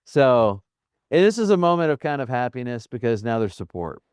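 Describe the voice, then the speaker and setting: Smooth low-voiced guy co-hosting a podcast, chatty retelling, dry mic. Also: sing-song, a little mellow, no room sound. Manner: chatty, retells scenes with quick asides. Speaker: podcast co-host. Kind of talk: casual chat.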